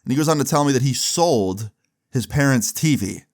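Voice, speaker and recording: A young man casually telling a long personal story, slangy and animated, acting out both sides of phone calls. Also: mid-range voice, normal speed.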